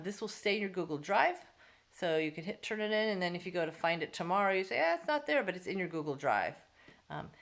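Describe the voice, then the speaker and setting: A woman teacher at home giving a remote lesson to children, explaining each step slowly and patiently. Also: low-pitched. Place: home, near the dining room.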